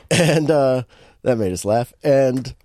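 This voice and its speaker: A man's voice: mid-range voice, slow, no echo. A man co-hosting a podcast, recapping a bad movie in casual chat, laughing often as he tells it. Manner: animated storytelling, laughing often, many restarts. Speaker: podcast co-host.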